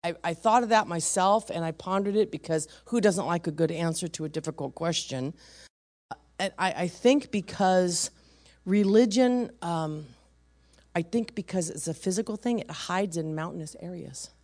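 A woman preacher telling a story to her church, animated and emphatic, acting out the voices of the people in it. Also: on the low side, normal speed. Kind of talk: sermon storytelling to a congregation.

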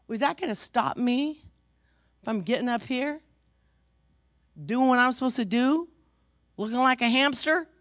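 A pastor preaching a sermon in a conversational, animated storytelling manner, self-deprecating and lively. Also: mid-range voice, a little slow, pauses often, dry recording, clean studio sound.

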